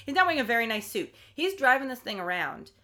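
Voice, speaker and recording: A woman co-hosting a podcast in a casual chat, recapping a TV episode with wry, animated commentary. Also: a little high, fast. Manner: animated, wry, acts out quotes. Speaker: podcast co-host.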